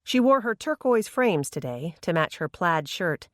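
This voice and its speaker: An audiobook narrator reading a story in an even, unhurried way. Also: mid-range voice, no room sound, clean studio sound. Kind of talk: scripted narration.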